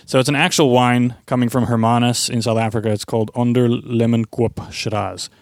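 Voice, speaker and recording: A man's voice: medium pitch, level tone, brisk, dry recording, studio quality. An easygoing man co-hosting a podcast in casual chat, sometimes chuckling mid-sentence. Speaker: podcast co-host.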